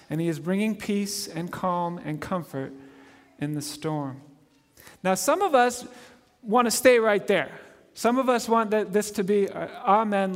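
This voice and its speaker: Middle-aged male pastor preaching slow n earnest, high voice, keeps repeating stuff for emphasis, big echoey church hall. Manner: earnest, repeats phrases for emphasis, asks "right?". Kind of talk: sermon. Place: church sanctuary. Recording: long reverb of a large church hall.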